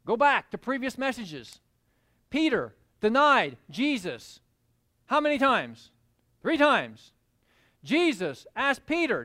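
Slow, emphatic woman preaching. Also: sits high, very animated, fairly bright tone, no room sound. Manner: emphatic, repeats key words, quizzes the listeners. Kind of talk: sermon.

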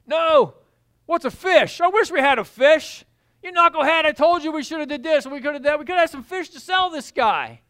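A man voicing a frustrated fisherman who bickers and complains, pitched higher than his own voice. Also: animated, brisk, sharp tone, exaggerated voice. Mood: grumbling. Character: grumbling male fisherman disciple, frustrated.

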